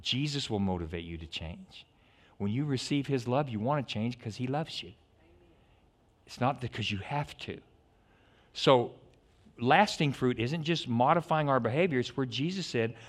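Animated digressive male preacher. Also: medium pitch, a little slow. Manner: animated, digressive, swings from loud to hushed. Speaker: pastor. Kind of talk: sermon.

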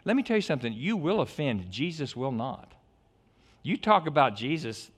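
A middle-aged male pastor preaching a sermon in an animated, digressive way, swinging from loud outbursts to hushed stretches. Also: fairly high pitch, normal speed, slightly rough.

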